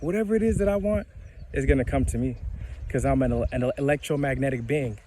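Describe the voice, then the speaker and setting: A man giving a casual spiritual monologue outdoors, slow and emphatic, repeating phrases and laughing at himself. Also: on the high side, background noise. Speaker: spiritual vlogger.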